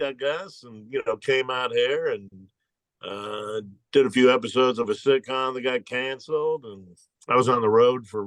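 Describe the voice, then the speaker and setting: A man in his fifties from Louisville, a comedian on a video call. He tells laid-back, rambling road stories. His voice is mid-pitched and sounds dry, with no room echo. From Louisville, Kentucky. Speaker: stand-up comedian, guest. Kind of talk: casual chat over a video call.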